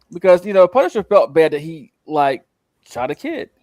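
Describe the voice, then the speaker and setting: A man talking casually on a podcast, telling a story in a loose, rambling way full of fillers and acted-out lines. His voice sits a little high for a man. The sound is close and dry, with no room echo. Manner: rambling, animated retelling with acted-out quotes. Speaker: co-host recapping a show.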